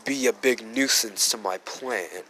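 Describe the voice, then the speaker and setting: A man voicing a smug young hero turned villain, speaking sarcastically with a slow delivery. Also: medium pitch, fairly bright tone, a little hiss or hum, close to an everyday voice, poor audio. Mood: cold. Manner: sarcastic, smirking.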